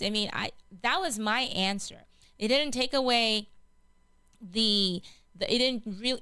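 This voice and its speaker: This woman's mid-range voice is bright and smooth with a forceful tone, recorded dry. She is the host of a gospel radio show, giving a heartfelt, earnest personal testimony in casual speech full of repetitions and restarts.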